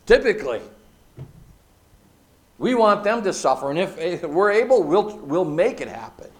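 Guy preaching a sermon, lively up-and-down voice, repeats lines for punch. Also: high-pitched, moderate pace. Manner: expressive preaching, swinging between loud emphasis and hushed asides; repeats phrases for emphasis. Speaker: pastor.

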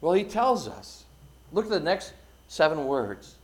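A middle-aged male pastor preaching a sermon, his delivery swelling loud and then dropping to a hush. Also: a little high, very animated, measured pace.

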